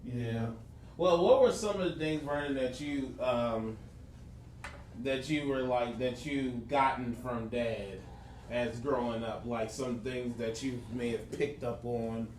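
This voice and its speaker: Slow-talking, teasing man in an echoey room. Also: medium pitch, a little mellow. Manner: teasing, laughing, joking banter. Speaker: pastor, adult son. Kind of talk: casual family chat. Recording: roomy, distant mic with faint noise.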